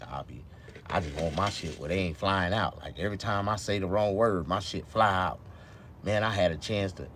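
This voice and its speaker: Deep-voiced man rambling on a live stream. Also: slight background noise. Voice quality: speech loose from missing teeth. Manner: rambling, swears a lot, swings from low mumbles to loud excited outbursts. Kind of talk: casual live-stream chat.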